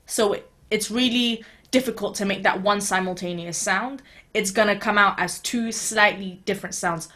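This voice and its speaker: In a relaxed beatboxing lesson made for an online video, a woman speaks at a moderate pace in a mid-range voice, dropping in a few fillers. She keeps a steady, encouraging tone to reassure learners, and there's slight background noise.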